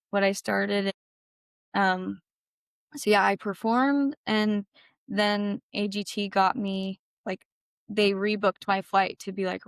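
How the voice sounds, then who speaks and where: A woman's voice: a bit bright, clear, resonant tone, no echo, studio quality. A young woman, a guest on an interview show, telling a personal story of loss, speaking casually and saying "like" often. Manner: heavy use of "like", quotes herself in a higher voice.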